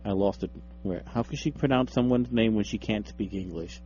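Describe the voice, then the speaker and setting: A man's voice: lowish voice, normal speed, dark tone, slight background noise. Joking young man co-hosting radio. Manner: joking, teasing, laughs often. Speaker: radio show co-host. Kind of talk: casual radio banter. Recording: dull lo-fi radio stream.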